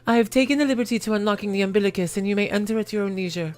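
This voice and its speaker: A woman voicing an earnest young guard captain, reading formal game lines quickly and choked up. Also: mid-range voice, soft background music, lightly acted.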